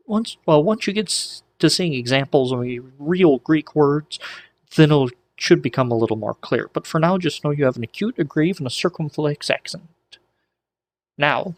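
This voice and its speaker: A man teaching ancient Greek in a relaxed, chatty lesson, with frequent restarts and small jokes. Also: on the high side. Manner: relaxed, many restarts and asides, light joking. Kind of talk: casual whiteboard lesson.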